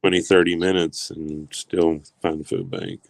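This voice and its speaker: A man's voice: extremely low pitch, big pitch swings, moderate pace, creaky, no room sound. A man co-hosting a casual livestream, laid-back with brief interjections. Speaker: livestream co-host.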